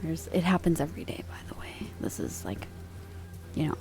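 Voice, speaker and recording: A woman streaming live ASMR, chatting casually and playfully, drifting between soft whispers and quiet talk from a home sound booth. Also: sits low, sing-song, brisk, vocal fry.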